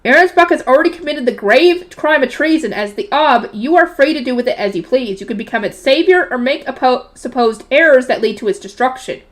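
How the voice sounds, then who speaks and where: A woman reading the lines of a stern, cold-eyed young noble man, voicing him blunt and commanding, a little lower than her own voice. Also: expressive, brisk, hardly any pauses. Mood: cool, matter-of-fact.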